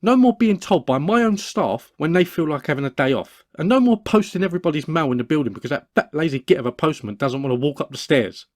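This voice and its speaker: A man's voice: on the high side, lively intonation, fast talker, hardly any pauses, no echo, clean studio sound, natural voice. A man voicing a stubborn young man who gets pushed around, defensive and blustering when questioned. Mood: determined. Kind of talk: cartoon voice acting.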